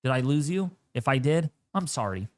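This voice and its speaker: A man hosting a live weather stream, giving animated, jokey commentary full of exclamations. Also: medium pitch, moderate pace, no echo.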